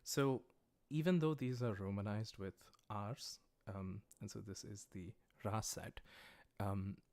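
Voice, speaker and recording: A man with a fairly low voice and an American accent teaches a livestreamed language class. He explains each step patiently as he writes, often pausing on "uh" and "um". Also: steady tone, a little mellow. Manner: patient, plain explanations with frequent "uh" and "um". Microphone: livestream microphone.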